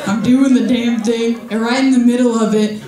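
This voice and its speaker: A woman's voice: fairly high pitch, fairly even intonation, normal speed, crowd noise. A woman performing a stand-up comedy set, telling a story and acting out the voices in it. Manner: storytelling with acted-out voices and laughter. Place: comedy club stage. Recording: echoey club with loud noise.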